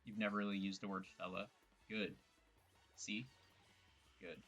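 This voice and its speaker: In casual gameplay commentary, a young streamer rambles and jokes, poking fun at his own words while he plays. His fairly low, slightly bright voice is flat and unhurried. The recording has its highs cut off, with faint music behind.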